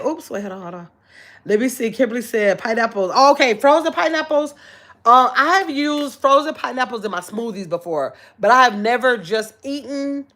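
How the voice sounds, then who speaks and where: A middle-aged woman hosting a casual livestream, chatting easily and reading viewer comments aloud with frequent pauses to look. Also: medium pitch, fairly bright tone. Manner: chatty and easygoing, with frequent "let me see" pauses while reading. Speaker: channel host.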